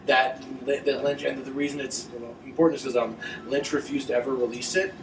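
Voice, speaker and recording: A man's voice: mid-range voice, fairly even intonation, fairly quick, noisy background. A man co-hosting a casual film commentary, blunt, profane and joking. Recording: echoey room, distant mic, film music behind. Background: film soundtrack music.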